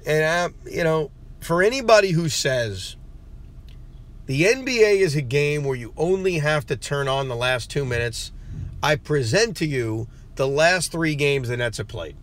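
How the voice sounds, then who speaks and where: A man with a fairly high voice talks through a casual solo sports podcast. He rants in an animated, exasperated way about his trip. He records from a parked car. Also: normal speed. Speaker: podcast host. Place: parked car near a rental return.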